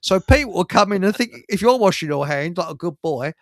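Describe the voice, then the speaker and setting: A man's voice: sits high, animated, brisk, no room sound, clean studio sound. A man hosting a live stream show, telling rambling anecdotes in casual chat and laughing at his own stories.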